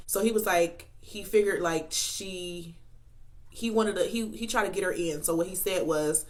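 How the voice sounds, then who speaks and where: A woman's voice: mid-range voice, normal speed. A woman vlogger telling a long story in a casual, rambling way, with many fillers and restarts, while eating between sentences. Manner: talks between bites of food. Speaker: mukbang vlogger.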